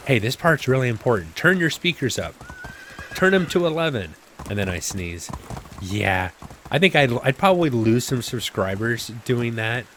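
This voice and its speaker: A man's voice: medium pitch, big pitch swings, normal speed, a bit bright, a little hiss or hum. A man casually commenting as he plays a video game, chatty and self-mocking, with rambling asides, talking into a desk microphone. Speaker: gameplay video host. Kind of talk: casual let's-play commentary.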